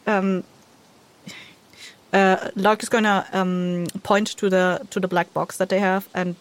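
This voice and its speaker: Tabletop player woman, mid-pitched, hesitant and halting. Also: little pitch movement. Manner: hesitant, with restarts. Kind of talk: tabletop role-play.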